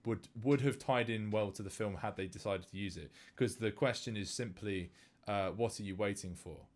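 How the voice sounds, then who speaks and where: Male podcast co-host, lower register, animated casual film chat. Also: moderate pace. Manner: animated, many fillers and restarts.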